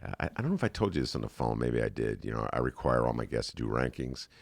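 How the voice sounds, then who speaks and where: A man's voice: extremely low pitch, sing-song, quick pace, vocal fry, dry recording. A man hosting a podcast, rambling and jokey in casual chat. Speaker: podcast host. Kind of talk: casual talk-show chat and read ad.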